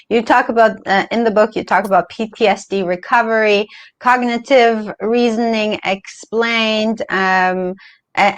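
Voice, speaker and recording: A woman hosting an interview, asking questions in a halting, filler-heavy way and encouraging her guest. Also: on the high side. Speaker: interview host. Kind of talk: casual interview.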